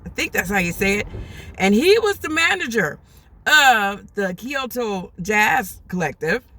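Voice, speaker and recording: A woman from the US telling a personal travel story in a chatty, animated vlog, acting out what people said. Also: mid-range voice, measured pace. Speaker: vlogger. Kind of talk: casual storytime.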